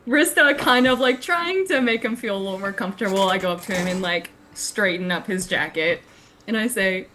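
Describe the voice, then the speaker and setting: A woman's voice: mid-range voice, fairly quick, bright, forceful tone, slight background noise. A woman playing in a tabletop role-play game, giggly, describing her character's actions in the first person. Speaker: player.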